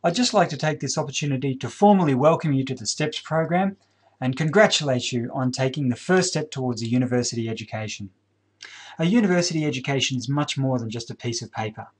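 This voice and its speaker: Husky, earnest man welcoming students. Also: medium pitch, animated. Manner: earnest and encouraging, with deliberate emphasis on key words. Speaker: head of program welcoming new students. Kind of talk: scripted welcome address to camera.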